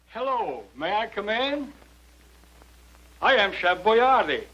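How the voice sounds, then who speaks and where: A man giving a formal, courteous vintage ad pitch as a spokesman. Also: big pitch swings, slow, sharp tone. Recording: dull old ad recording.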